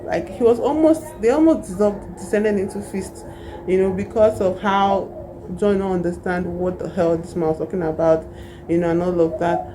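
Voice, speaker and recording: A woman's voice: fairly low pitch, moderate pace, noisy background. A woman, casually retelling a novel's plot in a rambling way full of asides. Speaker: book reviewer.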